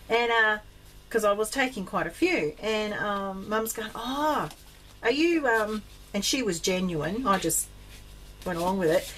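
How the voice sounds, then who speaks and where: A chatty Australian woman rambling through a casual craft vlog, stopping for ums and jumping up in pitch when something excites her. Her voice sits at a middle pitch, and a faint hiss runs under it. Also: a little slow, pauses often. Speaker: craft vlogger.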